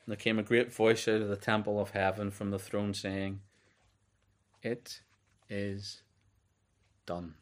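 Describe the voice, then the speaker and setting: Low-voiced man teaching Scripture. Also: fairly quick, hardly any pauses. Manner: relaxed, unscripted teaching with restarts, reads scripture aloud. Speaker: Bible teacher. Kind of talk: conversational sermon.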